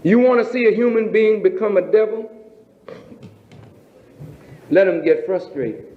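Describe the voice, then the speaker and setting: A man preaching as a minister, emphatic, with rhetorical questions and drawn-out phrasing. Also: high-pitched, slight background noise. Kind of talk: sermon. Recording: roomy, dull lo-fi recording.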